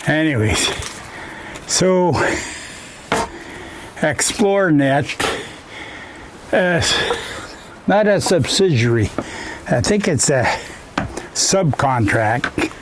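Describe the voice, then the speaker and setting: A Canadian vlogger with a fairly high, expressive voice chats casually while stacking firewood in his woodshed, speaking extremely slowly and pausing often. He rambles in a folksy way, ending his phrases with "eh?", and a little hiss or hum runs under the audio.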